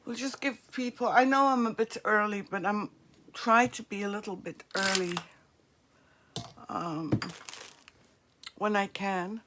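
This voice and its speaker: A woman's voice: medium pitch, a little slow, long pauses, fairly bright tone, slight background noise. A woman with a New Jersey accent, hosting a crafts livestream and chatting casually with viewers in the comments. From northeastern US. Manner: chatty, friendly asides to commenters.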